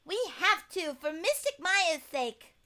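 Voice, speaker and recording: A woman's voice: very high voice, big pitch swings, slow pace, background noise, voice pushed up, exaggerated voice. A woman voicing an earnest, worried little girl in a game. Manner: earnest, pleading.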